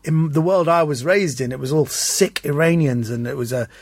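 A man guest telling animated anecdotes in an interview, acting out the voices of people in his stories. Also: fairly high pitch, moderate pace, no echo. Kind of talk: anecdotal storytelling.

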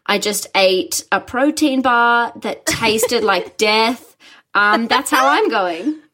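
A young woman, a guest chatting casually in an interview, telling stories in an animated way with frequent laughter. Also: on the high side, slow pace. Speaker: guest, musical writer.

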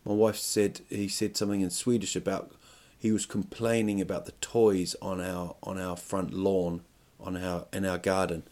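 A man's voice: deep voice, level tone, moderate pace, few pauses, a little mellow. A middle-aged man hosting a podcast, rambling through a crude comic monologue with stop-start phrasing and rhetorical questions. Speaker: podcast host.

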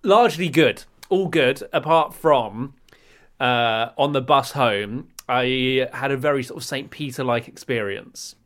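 A young man with an English accent chats on a podcast, spinning a story with dry, deadpan asides. His voice sits at an ordinary middle pitch, and his delivery is relaxed and conversational. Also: a little slow. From England. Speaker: podcast co-host. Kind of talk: casual chat.

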